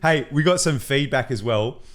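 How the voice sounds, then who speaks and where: A man's voice: medium pitch, normal speed. A man, co-hosting a podcast in casual, swearing, laugh-filled chat. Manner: laughing, swearing, animated storytelling. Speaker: podcast co-host.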